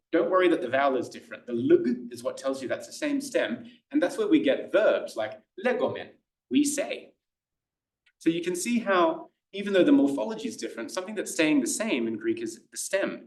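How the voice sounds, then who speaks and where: A man's voice: a little high, a little mellow. Australian man lecturing in an echoey room. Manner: chatty, enthusiastic, lots of fillers and restarts. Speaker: Greek tutor. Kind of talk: classroom lecture. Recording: echoey room, voice somewhat far from the mic.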